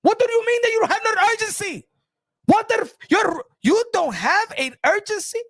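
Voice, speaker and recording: A man's voice: very high voice, animated, normal speed, pitched above the performer's own voice, exaggerated voice. A man impersonating a ranting boxing promoter. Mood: furious. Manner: shouting, swearing, scolding. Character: furious rich male boxing promoter, berating a fighter.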